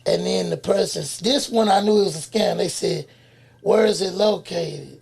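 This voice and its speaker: A man hosting a casual interview, easygoing and agreeable, backing up his guest with quick yeahs and telling his own stories. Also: high-pitched, creaky, darkish tone, a little hiss or hum.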